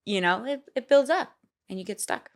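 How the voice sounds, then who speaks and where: A young woman talking as a podcast guest in casual conversation, animated and often acting out quoted inner voices. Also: a little high, moderate pace. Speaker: podcast guest, singer and actor.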